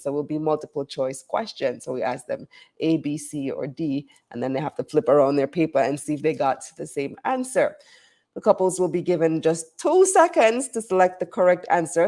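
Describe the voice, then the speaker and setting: A woman with a fairly low voice hosts a live finance show. She is chatty and upbeat and talks straight to her viewers. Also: warm tone. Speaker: show host and financial journalist.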